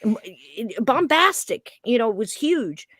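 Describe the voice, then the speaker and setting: Woman podcast host telling a personal story, animated and chatty, dry close sound. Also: on the high side, measured pace, dry recording. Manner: animated, acts out the scene, many "you know" fillers. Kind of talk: personal story told in casual chat.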